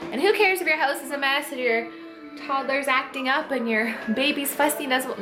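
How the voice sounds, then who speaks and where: A young woman vlogging as a stay-at-home mom, chatty and laughing often, sighing now and then. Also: high-pitched. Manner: chatty, laughs often, sighs, talks to her kids. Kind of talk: casual home vlog.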